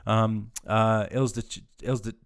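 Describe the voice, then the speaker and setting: A fifty-something Australian man with a lowish voice talks easily on a live stream. He reads viewer comments aloud and answers in a relaxed, friendly way, laughing often. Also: unhurried, smooth. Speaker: live streamer, army veteran. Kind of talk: casual live-stream chat.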